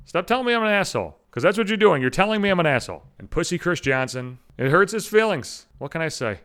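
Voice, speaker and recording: This podcast host has a high, clear, resonant voice with a fairly bright tone, and he talks fast and very animatedly. Alone on the mic, he rants profanely, swearing constantly and mocking people's voices as he quotes them.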